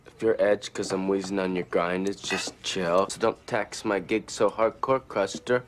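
A man's voice: sits low, steady tone, normal speed, a little hiss or hum, lightly acted. A man playing a drawling slacker dude. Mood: mellow. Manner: drawling slang-heavy talk. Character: laid-back slacker young man, surfer slang.

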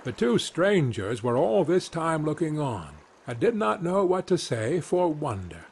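A man reading a fairy tale aloud as a gentle, measured bedtime story. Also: fairly high pitch, very animated, a little hiss or hum.

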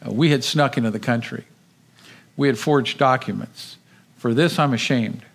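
A man speaking as a guest at a church service, telling a dramatic personal story in a lively, vivid way and often repeating words as he goes. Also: mid-range voice, normal speed, creaky, husky.

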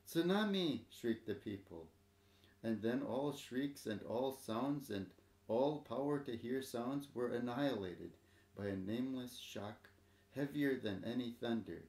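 Man narrator, low gravelly voice, measured dramatic storybook reading, echoey room. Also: a little mellow.

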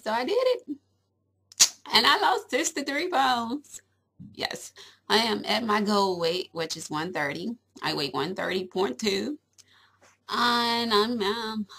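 A young woman talks casually to her camera at home, giggling and rambling through her asides. Her voice sits a little high, swoops around a lot, and has a gravelly fry at its edges. She takes her time over every sentence. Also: bright, forceful tone. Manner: giggly, chatty, rambling with fillers. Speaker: vlogger.

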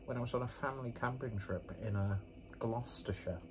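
A man rambles through a casual beer review vlog in a mid-range voice, talking a little fast and tossing in joking, self-mocking asides. He's indoors with a fan running, leaving slight background noise.

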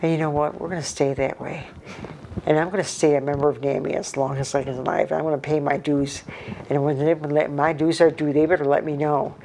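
A woman's voice: sits low, little pitch movement, brisk, mellow, a little hiss or hum. A woman in casual chat as an interviewee, rambling and repeating herself while she tells corny jokes.

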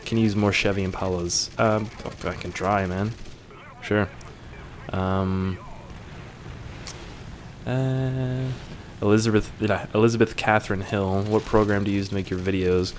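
A man's voice: lowish voice, fairly even intonation, a little slow, a little hiss or hum. A young man reading viewer questions aloud and answering them in a casual, joking way, swearing now and then.

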